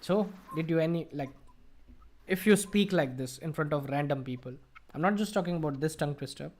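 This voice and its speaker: A man's voice: a little high, a little fast, darkish tone. A man with an Indian English accent teaching an online English speaking class, explaining and quizzing his students. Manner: explanatory, asks the class questions. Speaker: IELTS tutor.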